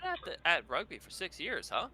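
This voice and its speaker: A man's voice: high voice, wildly swooping pitch, brisk, bright, forceful tone. A man co-hosting a podcast in casual chat, teasing his friend and asking questions. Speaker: podcast co-host.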